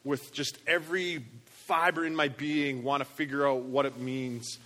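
A man's voice: mid-range voice, fairly even intonation, normal speed, in a large hall, background noise. A male pastor preaching in a passionate, emphatic way. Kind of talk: sermon.

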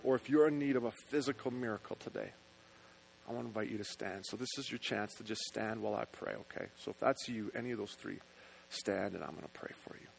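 A male pastor preaching a sermon in church, earnest, dropping to hushed tones and rising to loud appeals. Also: fairly low pitch, fast talker, gravelly, a little hiss or hum.

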